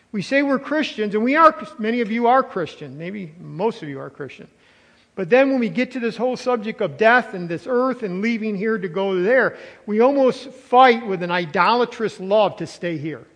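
High-voiced older preacher in a reverberant hall. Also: male voice, expressive, normal speed. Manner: emphatic preaching, stretching key words, swings from loud to soft. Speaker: pastor. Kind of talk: sermon.

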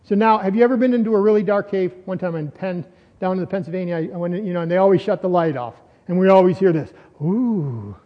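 A high-pitched man preaching in a loose, conversational way, asking his listeners questions as he goes. His voice rings out with a long reverb in a church hall. The recording sounds dull and lo-fi. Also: fast talker. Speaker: pastor. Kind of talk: sermon.

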